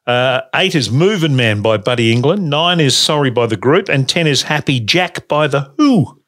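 A man's voice: mid-range voice, expressive, moderate pace, a bit bright. A man hosting a radio show, reading out an old chart and chatting in an easygoing way, often stumbling over his words. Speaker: radio host.

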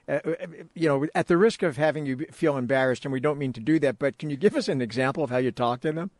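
A man hosting a news interview, friendly and quick to laugh, often restarting his questions. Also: medium pitch, a little mellow, no echo. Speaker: news radio host.

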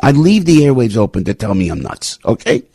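A man hosting a political talk radio show, talking in an animated, emphatic, repetitive way. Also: medium pitch, fairly quick, creaky, slightly rough, no room sound, clean studio sound.

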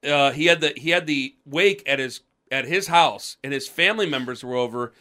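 A man's voice: medium pitch, moderate pace, bright, forceful tone. A man from with a lingering cough, telling a rambling story on a podcast. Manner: rambling, restarts, acts out quoted voices. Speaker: podcast co-host. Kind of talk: casual storytelling chat. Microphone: podcast microphone.

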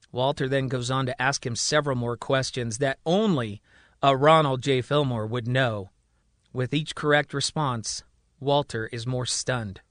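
A man narrating a fiction story and voicing its characters in an animated way. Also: a little slow, dry recording. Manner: animated, voices characters with raised pitch. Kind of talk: storytelling narration with voiced dialogue.

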